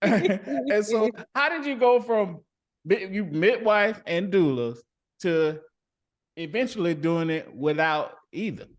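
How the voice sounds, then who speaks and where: Relaxed joking male interview host. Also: high-pitched, slow. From Southern US. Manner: relaxed, joking, loose phrasing. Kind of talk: casual interview questions.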